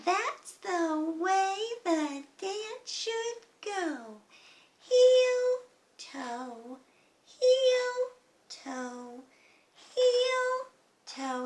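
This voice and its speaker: A woman voicing a tiny mouse in a very high, squeaky voice. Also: exaggerated voice.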